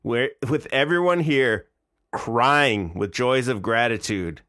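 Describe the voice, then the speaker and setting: This live streamer is a man in his forties whose medium-pitched voice is slow and a bit bright. He mocks the videos he reacts to in a casual, incredulous tone, and the studio sound is clean with no echo.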